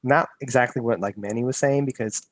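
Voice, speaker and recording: A man's voice: mid-range voice, a little fast, a little hiss or hum. A man co-hosting a podcast from home over a video call, telling a rambling story with many restarts. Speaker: podcast co-host. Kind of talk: casual podcast chat. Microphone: home setup on a video call.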